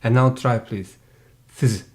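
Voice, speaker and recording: A man's voice: lowish voice, takes it slowly. A man tutoring English one-on-one, patiently drilling pronunciation by repeating sounds. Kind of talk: one-on-one language lesson.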